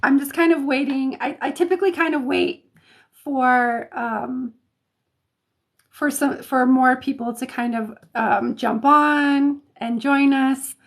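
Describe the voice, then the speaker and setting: Slow-talking chatty woman host. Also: high voice. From Colorado, United States. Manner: chatty, laughs often, frequent ums and restarts. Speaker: intuitive reader, live stream host. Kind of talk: casual live-stream chat greeting viewers. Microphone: phone or webcam mic, live stream.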